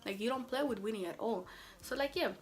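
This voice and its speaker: A woman's voice: on the high side, brisk, slight background noise. A young woman telling a story on her vlog in a casual, emphatic, sassy way, filling her talk with "like" and firm "mm-mm"s. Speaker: vlogger.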